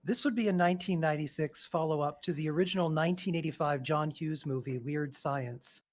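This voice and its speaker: A man's voice: a little high, brisk. A man guesting on a podcast, telling an improvised comic movie plot in dry, detailed storytelling.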